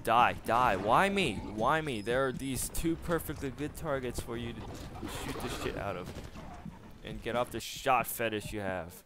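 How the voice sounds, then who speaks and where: A man's voice: mid-range voice, animated, normal speed. A man giving profane, sarcastic commentary over his own video game play, ranting and swearing at it. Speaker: gamer commentator. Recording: game audio noise behind.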